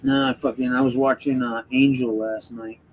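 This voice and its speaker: A man's voice: medium pitch, level tone, normal speed, a little hiss or hum, low-quality recording. A man hosting a livestream in casual chat, rambling and swearing heavily as he rants. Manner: rambling and profane, heavy swearing; heated ranting. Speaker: livestream host.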